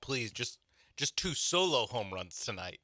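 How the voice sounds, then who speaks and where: A man co-hosting a sports radio show, dropping quick joking remarks. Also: medium pitch, very animated, bright, forceful tone, dry recording, studio quality. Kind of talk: casual sports talk.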